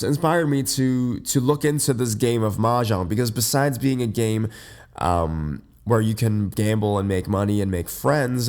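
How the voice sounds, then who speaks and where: Male podcast host, just out of bed: deep, groggy, a bit stuffy, rambling and full of fillers. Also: a little mellow. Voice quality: deep, slightly congested. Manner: rambling, many fillers and restarts. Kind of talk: casual unscripted podcast monologue. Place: in bed at home.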